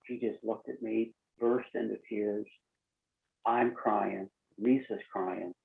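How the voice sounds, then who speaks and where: A man's voice: lowish voice, fairly even intonation, slow, gravelly, slightly rough. A man telling the story of his near-death experience as a podcast guest, earnestly recounting conversations with lots of "I said" and "she goes.". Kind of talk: personal storytelling. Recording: tinny phone-like line.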